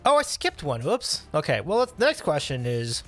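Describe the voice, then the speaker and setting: A man hosting a casual livestream, reading and answering chat with upbeat, animated talk and frequent laughs. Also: a little high, normal speed, faint music behind. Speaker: livestream host.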